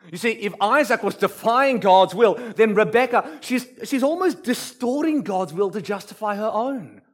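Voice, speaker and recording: A male pastor delivers a sermon in a high voice. His pitch swings widely as he acts out quotes. He drops to near-quiet to stress a point. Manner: animated preacher, acts out quotes, drops to soft emphasis.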